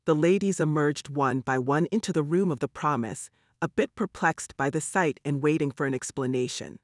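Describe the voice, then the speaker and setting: An audiobook narrator, a man whose voice sits fairly high for a male, reads a novel in a steady, wry storytelling style at a moderate pace. The scripted narration is recorded dry and close, with no room sound or echo.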